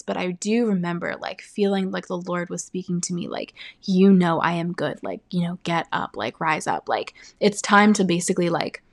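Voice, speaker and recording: Gravelly young woman giving earnest testimony. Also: mid-range voice. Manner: earnest, halting, filled with "um" and "like". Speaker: speaker sharing a faith testimony. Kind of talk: personal testimony.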